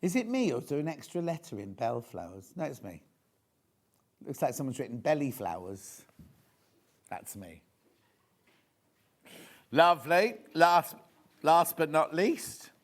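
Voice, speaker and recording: Pitched on the high side, he sounds very animated yet talks a little slowly, leaving long pauses. He is a shopping channel host on live TV in a studio, enthusiastically chatting and gossiping while he shows fabrics.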